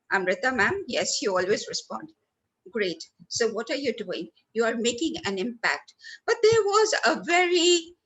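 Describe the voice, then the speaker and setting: A woman runs a workshop session. Her voice sits a little high and swoops up and down as she hits important words. She talks straight to the people in front of her, sometimes calling them by name. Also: rough recording. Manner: animated, stresses words for effect, addresses listeners by name. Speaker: workshop trainer. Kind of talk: lively training talk. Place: lecture hall.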